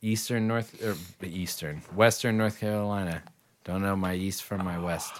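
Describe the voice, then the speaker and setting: A man's voice: sits low, steady tone, normal speed. A man in a casual chat, telling a long story in a rambling way, with frequent swearing and laughter.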